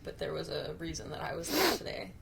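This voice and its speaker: A woman's voice: sits low, sing-song, quick pace, creaky, fairly bright tone. A young woman co-hosting a podcast, giving dry, teasing short replies. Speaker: podcast co-host. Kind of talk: casual chat.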